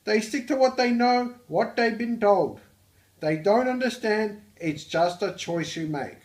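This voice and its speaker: Jasper a shrill overblown Australian teen. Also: male voice, expressive, unhurried, echoey room. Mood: intense. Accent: exaggerated put-on Australian. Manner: shrill, overblown dramatic reading. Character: brash teenage outback boy, tough and world-weary.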